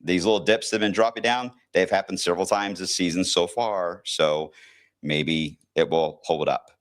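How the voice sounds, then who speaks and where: A young man talks through forecast models on a relaxed livestream, with a low voice. He is chatty and teases himself as he goes, speaking from a weather office. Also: normal speed. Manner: laid-back, chatty, self-teasing. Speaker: TV meteorologist. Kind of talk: casual livestream weather briefing.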